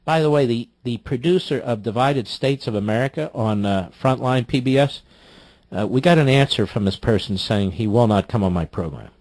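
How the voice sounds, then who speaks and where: A man hosting political talk radio from a studio mic, indignant and mocking, cutting in with sharp outbursts. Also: medium pitch, normal speed, no room sound. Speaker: radio talk show host. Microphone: studio microphone.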